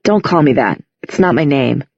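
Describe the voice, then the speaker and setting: A woman's voice: a bass voice, expressive, normal speed, creaky, no echo, voice pushed down, exaggerated voice. A woman reading an audiobook, voicing a sardonic, defiant young man with a dry, sarcastic delivery, in a slightly dull recording.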